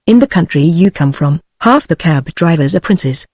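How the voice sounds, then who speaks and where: Brief: computer-voiced British woman, audiobook narration, steady delivery, dry sound. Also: low voice, normal speed, few pauses, no room sound. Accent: British English. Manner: even, uniform reading of all characters.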